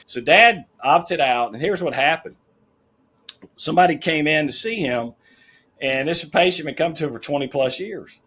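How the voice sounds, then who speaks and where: Husky, emphatic middle-aged man. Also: a little high, expressive, normal speed, fairly bright tone. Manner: emphatic, folksy, plain-spoken. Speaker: podcast guest, managing partner of a health-plan firm. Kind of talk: casual interview storytelling.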